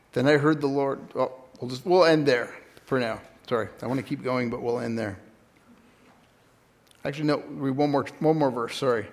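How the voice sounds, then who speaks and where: A man's voice: medium pitch, moderate pace. A man preaching a sermon in a conversational teaching style, often stopping to correct himself. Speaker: pastor.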